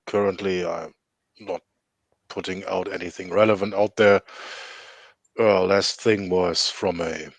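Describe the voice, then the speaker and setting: A man in his thirties chatting as a podcast guest, relaxed and a bit hesitant. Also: on the low side, gravelly, no room sound. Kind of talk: casual chat.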